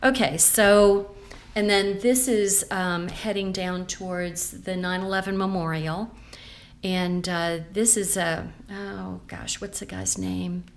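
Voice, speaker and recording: A woman's voice: medium pitch, steady tone, slow, gravelly, a little hiss or hum. Chatty woman showing a scrapbook. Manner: chatty and rambling, with many fillers. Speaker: scrapbooking consultant. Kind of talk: casual show-and-tell vlog.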